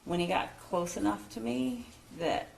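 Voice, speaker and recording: A woman, a school principal, giving halting courtroom testimony with many pauses and restarts. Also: mid-range voice, gravelly, a little mellow, a little hiss or hum. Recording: roomy courtroom broadcast audio.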